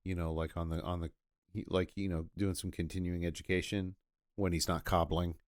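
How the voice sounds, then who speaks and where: A man's voice: low-pitched, little pitch movement, brisk, no room sound, clean studio sound. A man co-hosting a podcast, adding wry jokes and laughing along in casual movie chat. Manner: wry, joking asides with frequent laughter. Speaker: podcast co-host.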